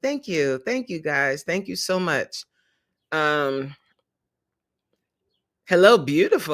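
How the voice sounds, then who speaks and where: Bright, slow-talking livestream fitness coach. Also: medium pitch. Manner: animated, laughs often, greets chat viewers by name; openly emotional and heartfelt. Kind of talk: casual livestream chat.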